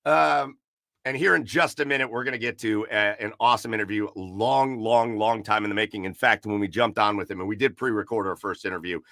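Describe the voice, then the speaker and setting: On a laid-back sports talk show, a talkative male podcast host rambles on, full of fillers and repetitions. His fairly low, gravelly voice comes across bright and forceful at a fairly quick clip. Sound is close and dry, free of room echo.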